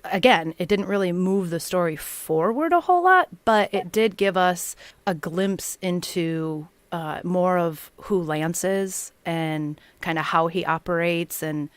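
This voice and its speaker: A woman on a fan podcast panel, talking things over in loose, repetitive chat. Her voice sits a little low, and the recording is close and dry, with no room sound. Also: no echo. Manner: chatty, repeats herself, laughs often. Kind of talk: casual chat.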